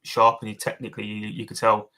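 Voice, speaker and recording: A man's voice: lowish voice, monotone, quick pace, sharp tone. A man co-hosting a casual fan podcast, giving blunt opinions, swearing and calling his co-host mate. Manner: blunt, matey, swearing, says mate a lot.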